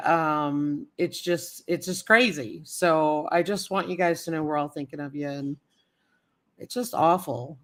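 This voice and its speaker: A woman's voice: low-pitched, a bit bright. A woman hosting a casual livestream, chatting in a rambling way and greeting viewers in the chat. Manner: chatty, greets viewers and answers chat comments as she talks; rambling storytelling with many fillers and repeats. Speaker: livestream host.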